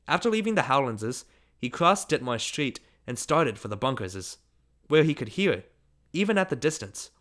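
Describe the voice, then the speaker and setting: A man reading a literary short story aloud as an audiobook narrator, in a measured, unhurried manner. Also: medium pitch, fairly bright tone.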